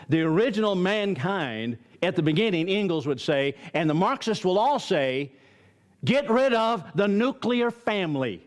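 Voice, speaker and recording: Older man lecturing with pointed questions. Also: fairly high pitch. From Arizona. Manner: emphatic, fires rhetorical questions at listeners. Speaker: Bible study teacher. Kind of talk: Bible study lecture.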